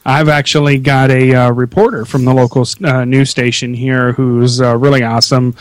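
A man's voice: mid-range voice, steady tone, moderate pace, no echo. A man co-hosting a show in casual chat, easygoing and laughing along. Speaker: podcast co-host.

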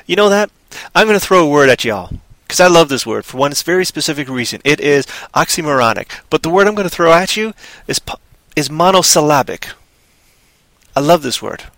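A man's voice: on the high side, lively intonation, fairly quick, fairly bright tone, no room sound. A man hosting a casual live show, talking in a hyper, playful way full of wordplay. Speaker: show host.

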